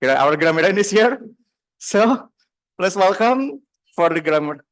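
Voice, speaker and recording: A man with an Indonesian accent running a speaking club meeting, introducing the next role with halting restarts. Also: high voice, lively intonation, no room sound. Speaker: meeting host.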